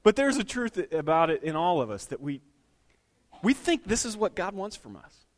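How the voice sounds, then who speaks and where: A middle-aged man preaching a sermon as pastor, telling everyday stories and swinging between hushed remarks and loud, emphatic lines. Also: high voice, big pitch swings, normal speed.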